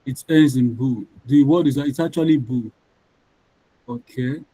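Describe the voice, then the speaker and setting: Patient male English tutor, warm dry voice. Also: medium pitch, a little slow, slightly rough, no echo, rough recording. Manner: patient, repeats each rule for the class. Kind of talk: online class teaching.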